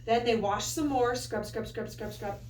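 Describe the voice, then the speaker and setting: A woman teacher reading a picture book aloud to children, an animated storyteller with playful asides. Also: a little high, normal speed, slight background noise. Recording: echoey room, far from mic.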